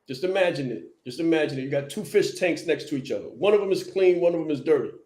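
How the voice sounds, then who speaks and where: Animated male podcast host, echoey. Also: a little high, fast. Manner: animated, repeats key lines for emphasis. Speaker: podcast host and brand coach. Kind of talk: motivational podcast talk.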